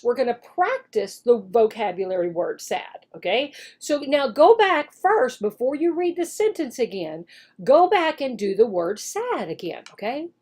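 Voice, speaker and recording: A woman teacher walking through a demo English lesson, switching between explaining and slow, exaggerated modeling for a child, with cheerful praise. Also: high voice, darkish tone. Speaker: online English teacher and recruiter.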